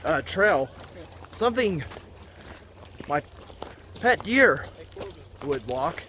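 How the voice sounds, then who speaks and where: A man's voice: a little high, drawn-out words. A man talking casually to his camera on a hike, goofy and joking, climbing a rocky outdoor trail as he talks. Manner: goofy, joking, excitable asides; walking and climbing while talking. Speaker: vlogger and root beer reviewer. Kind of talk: casual hiking vlog. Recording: outdoor phone video with wind noise.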